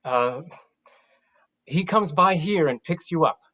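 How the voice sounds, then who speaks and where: An actor playing a caregiver who gently coaxes an elderly woman, in a stage play. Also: medium pitch, expressive, takes it slowly, highs cut off, exaggerated voice. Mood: coaxing. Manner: coaxing, pleading.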